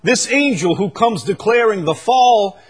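Husky preacher with dramatic swings. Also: male voice, animated. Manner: swings from quiet, low asides to loud drawn-out proclamations; repeats phrases for emphasis and reads scripture aloud. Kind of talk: sermon.

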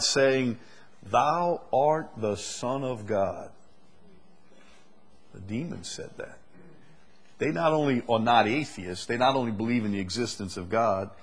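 A man's voice: medium pitch, slightly rough. A man preaching a sermon, reading scripture aloud and building to emphatic, rising delivery.

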